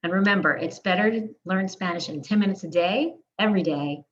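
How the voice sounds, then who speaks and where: A woman teaching a pronunciation lesson, modeling words one at a time in deliberate, careful lists. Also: on the low side, highs cut off, a little hiss or hum. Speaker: Spanish teacher.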